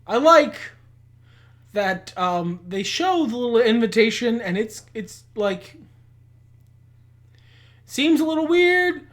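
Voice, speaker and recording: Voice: medium pitch, very animated, takes it slowly, pauses often. A podcast co-host in casual chat, blunt and opinionated, swearing freely and often laughing. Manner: laughs often while talking.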